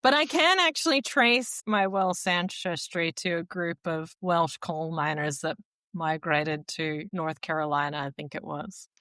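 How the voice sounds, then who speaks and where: A woman's voice: low-pitched, measured pace, pushed and bright, no echo. A woman from the United States co-hosting a podcast in casual chat, playful and teasing, laughing a lot. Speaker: podcast co-host.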